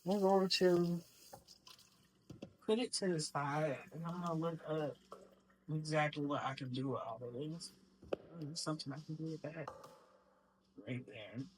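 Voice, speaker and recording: A woman's voice: low-pitched, a little slow, pauses often, a little hiss or hum, rough recording. A woman vlogger telling her own story in a raw, emotional and profane way, while making juice at home. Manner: raw, emotional, profane retelling, acts out quotes. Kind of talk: candid personal storytelling.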